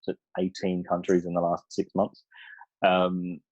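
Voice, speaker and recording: A man's voice: low voice, completely flat delivery, measured pace, darkish tone, no room sound, muffled recording. An Australian man talking casually as a guest speaker over a video call, rambling with many restarts and fillers.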